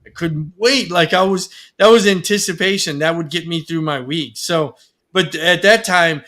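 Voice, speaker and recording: A man's voice: fairly high pitch, normal speed, bright, forceful tone. A man hosting a casual talk show, rambling along with lots of "you know" and "uh". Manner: rambling, many fillers. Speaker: podcast host. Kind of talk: casual chat.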